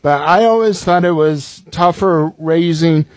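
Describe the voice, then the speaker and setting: A man's voice: on the high side, measured pace, no echo. A young man in his twenties, a comedian guest telling comic stories with many ums and restarts, laughing at his own jokes. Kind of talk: comic storytelling.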